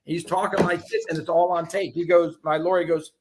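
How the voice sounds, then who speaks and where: A man telling his own story as an interview guest, animated and profane, with many restarts. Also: on the high side, brisk, hardly any pauses, slight background noise.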